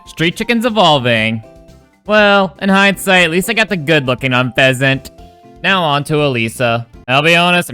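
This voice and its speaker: Guy doing game commentary, bright smooth voice, wry and casual, soft music under it. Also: fairly high pitch. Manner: casual, wry, swears now and then. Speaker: gaming YouTuber.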